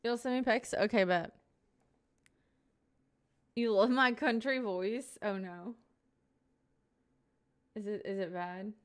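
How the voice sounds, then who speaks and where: A woman's voice: mid-range voice, slow pace, pauses often. A young woman live streamer chatting casually and playfully with her viewers, giggly and rambling, sitting at home at a desk mic.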